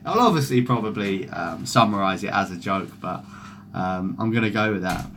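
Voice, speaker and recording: A man's voice: fairly low pitch, lively intonation, moderate pace, a bit bright, a little hiss or hum. A young man chatting loosely on a football fan stream, swearing a lot and reading out viewer comments. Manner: sweary, rambling, reads out chat comments. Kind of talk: casual live-stream chat.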